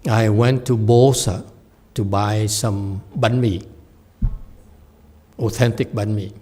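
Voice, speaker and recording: A man's voice: fairly low pitch, fairly even intonation, slow pace, mellow. A man giving a dharma lecture in a temple hall, telling stories with folksy, self-deprecating humor and frequent checks of "okay?". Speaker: Buddhist teacher.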